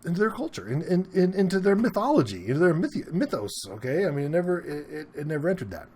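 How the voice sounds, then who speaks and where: Rambling man repeating "okay?". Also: normal speed. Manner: rambling, repeats himself, keeps asking "okay?"; animated, pitch jumps up when he gets worked up. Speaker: vlogger. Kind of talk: casual opinion monologue to camera.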